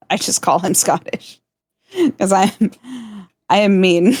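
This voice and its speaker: A woman's voice: mid-range voice, steady tone, darkish tone, no echo. Brief Woman, fellow streamer, teasing and giggly, mid voice, dry sound. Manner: teasing, giggly, quick to laugh. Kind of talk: casual stream chat.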